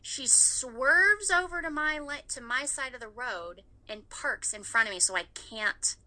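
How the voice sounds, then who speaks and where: A woman's voice: high-pitched, lively intonation, unhurried, sharp tone, rough recording. A woman in her thirties in casual chat, telling a story with animation and swearing freely.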